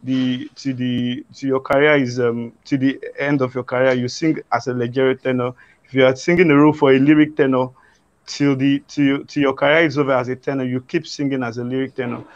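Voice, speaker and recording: A man, a guest singer answering interview questions haltingly, with many fillers and restarts. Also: mid-range voice, flat delivery, muffled recording.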